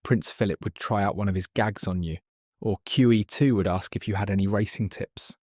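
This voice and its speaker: A man's voice: fairly low pitch, fairly even intonation, brisk, a little mellow, dry recording, studio quality, close to an everyday voice. A man voicing a blunt, crude male former palace footman. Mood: scornful.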